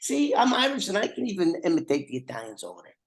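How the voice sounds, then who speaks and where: A man's voice: sits high, huge pitch swings, fast talker, low-quality recording. An older man hosting a podcast over a video call, chatting casually with rambling, joking asides. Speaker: podcast host.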